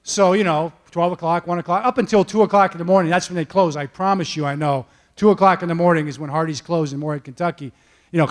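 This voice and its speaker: Delivering a keynote from an event stage, a football coach speaks briskly in a noticeably high voice to motivate the crowd. He animates his stories and keeps asking the audience "okay?" and "all right?" as he goes.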